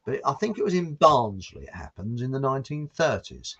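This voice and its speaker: A man's voice: medium pitch, sing-song, a little fast, pushed and bright, husky. Chatty man with a lo-fi sound. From southern England. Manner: chatty, tells long jokes, laughs at own jokes. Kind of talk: rambling casual chat with jokes. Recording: dull lo-fi sound.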